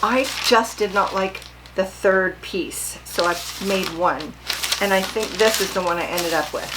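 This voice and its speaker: A woman's voice: mid-range voice, measured pace, very noisy. An older woman vlogging casually about her sewing, chatty and rambling, often asking her viewers questions.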